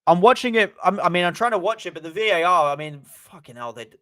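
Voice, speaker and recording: A young man streaming a live football watch-along, excitable, often stammering and repeating himself. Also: high-pitched, fast. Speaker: football fan livestreamer.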